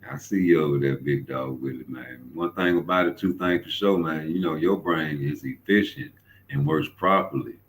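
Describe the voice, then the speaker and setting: Deep-voiced man ranting loosely. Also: moderate pace, low-quality recording. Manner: profane, rambling, storytelling with repeated fillers. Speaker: boxing commentary host. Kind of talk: casual commentary rant.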